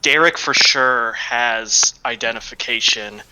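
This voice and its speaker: A man's voice: mid-range voice, slow pace, pushed and bright, clear, resonant tone, rough recording. A man playing a tabletop game who thinks through his character's choices aloud, unsure and hesitant. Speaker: player.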